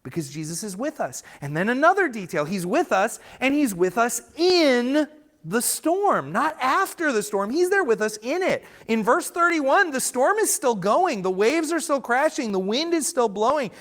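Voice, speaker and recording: A man's voice: very high-pitched, big pitch swings, moderate pace, fairly bright tone. A man preaching a sermon as pastor, earnest and emphatic, sometimes restarting words mid-phrase. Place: church sanctuary.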